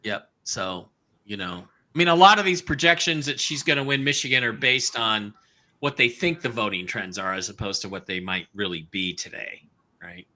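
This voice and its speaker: An older man hosting a live online show, chatting casually and rambling with halting restarts. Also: on the low side, bright, forceful tone. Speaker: host.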